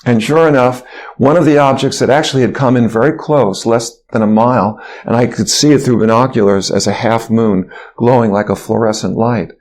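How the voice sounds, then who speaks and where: An older man, a physician guest in an interview, telling a long story in a lively way, sometimes singing and quoting others. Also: medium pitch, a little fast. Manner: animated storyteller who sings and quotes others.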